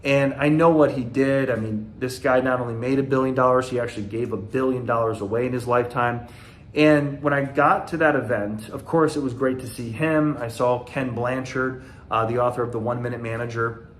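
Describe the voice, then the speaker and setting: Guy in his 40s from the south doing a casual motivational talk to the camera, earnest and rambly, mid pitch, bit of low rumble behind. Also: fairly even intonation, a little fast. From Southern United States. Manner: earnest, conversational, loose and rambling. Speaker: motivational speaker.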